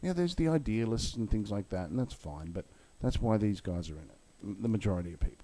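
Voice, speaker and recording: A man's voice: fairly low pitch, lively intonation, fast talker, mellow. A man ranting heatedly and swearing bluntly about the crypto market, then walking through chart analysis in a video. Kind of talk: angry rant and chart commentary.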